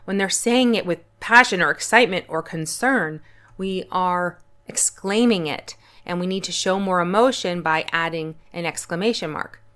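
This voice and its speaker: Hosting her own channel, an English teacher walks viewers through punctuation in a patient, clear online grammar lesson. Her voice is fairly low in pitch and a bit bright, with a moderate pace.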